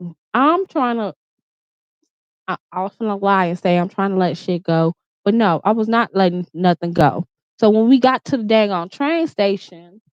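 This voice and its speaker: A woman's voice: mid-range voice, clean tone, dry recording. A woman vlogger telling a heated, profane storytime rant from her room, repeating herself as she gets riled up. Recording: dull, slightly muffled sound.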